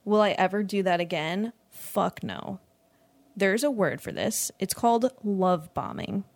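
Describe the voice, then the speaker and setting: A woman's voice: medium pitch, measured pace. A young woman in her twenties hosting a casual solo podcast, rambling and laughing often as she swears freely. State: lightheaded from not eating. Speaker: podcast host.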